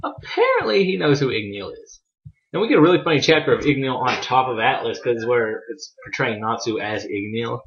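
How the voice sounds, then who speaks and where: A man's voice: medium pitch, sing-song, brisk, fairly bright tone, dull audio. A young man chatting casually through a manga chapter review, rambling, swearing freely and poking fun at himself.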